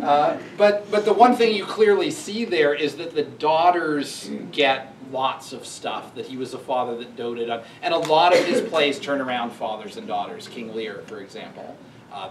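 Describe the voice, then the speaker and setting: A man giving a conversational university lecture, thinking aloud and reading quoted lines with emphasis. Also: mid-range voice. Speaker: professor giving a public lecture. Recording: echoey hall recorded from far off.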